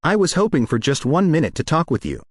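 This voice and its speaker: A man's voice: on the high side, big pitch swings, fast, no echo. Man reading as armored hero leader; insistent, urgent, dry close read. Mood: pleading. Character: earnest adult male armored hero leader.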